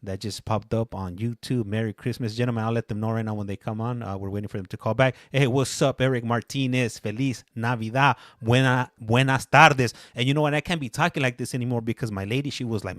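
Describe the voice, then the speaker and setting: Brief: male host, relaxed, halting, dry close mic. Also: medium pitch, no room sound. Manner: laid-back, laughs often, halting with fillers. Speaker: podcast host reading live chat. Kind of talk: casual live-stream chat.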